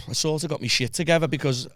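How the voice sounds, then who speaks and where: A man's voice: fairly high pitch, steady tone, fast, no echo. A man with a Liverpool accent, a podcast guest telling a story in casual chat, swearing constantly and acting out the voices of people he quotes.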